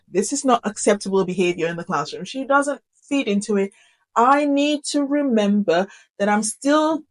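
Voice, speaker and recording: A middle-aged woman teacher explaining classroom management in an animated, emphatic way, often repeating key phrases for effect. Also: medium pitch, rough recording. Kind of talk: instructional talk to camera.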